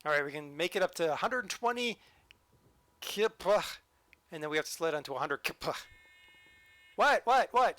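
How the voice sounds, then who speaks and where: Male streamer, bright and slightly high voice, dry close sound, playful running commentary. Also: animated, normal speed, pauses often, dry recording. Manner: joking, talks to the train. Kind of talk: live-stream gameplay commentary.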